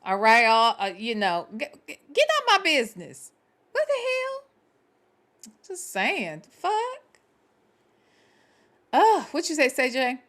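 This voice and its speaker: High, lively, bright-voiced woman host. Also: takes it slowly, long pauses. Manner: blunt and profane, talks straight to viewers. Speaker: show host. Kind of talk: casual livestream chat, reading viewer comments.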